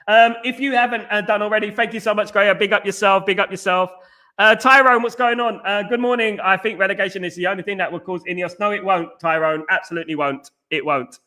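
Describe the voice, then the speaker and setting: Man, high-pitched, bright, argumentative, live-stream host. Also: fast. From East London. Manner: animated, argumentative, repeats "at the end of the day"; addresses chatters by name. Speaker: podcast host reading live chat. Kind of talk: casual live-stream commentary.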